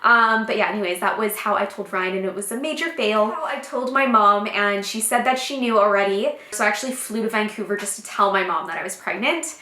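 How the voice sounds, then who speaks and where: A young woman vlogger telling a personal story casually to her viewers, chatty and animated, acting out what people said. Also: mid-range voice, brisk, few pauses, echoey room. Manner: chatty, animated, many fillers and acted-out quotes.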